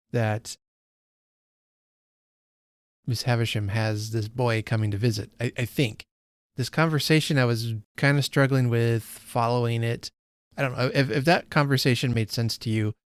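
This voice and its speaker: A man's voice: mid-range voice, clear, resonant tone, no echo, clean studio sound. Man musing through a casual read-along. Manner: musing, self-correcting, thinks aloud. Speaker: book channel host.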